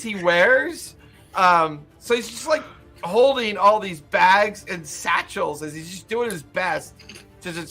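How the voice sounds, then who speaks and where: A young man narrating a tabletop game as game master, animated and laughing, with lots of "like" fillers. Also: high voice.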